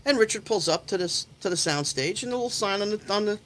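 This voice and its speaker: A man in his fifties, a guest in a casual chat, telling anecdotes with animated delivery and slipping into other people's voices. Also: high voice, quick pace, a little hiss or hum. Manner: animated, acts out quoted voices. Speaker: guest storyteller.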